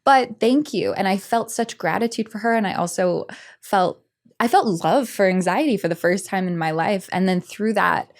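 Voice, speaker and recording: A woman's voice: medium pitch, normal speed. A young woman chatting casually as a podcast guest, bubbly and rambling, often giggling. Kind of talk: casual chat.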